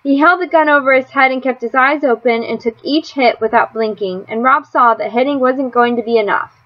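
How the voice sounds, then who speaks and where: High-voiced woman reading a storybook. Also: highs cut off. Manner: measured, expressive reading. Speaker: audiobook reader. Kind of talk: storybook narration.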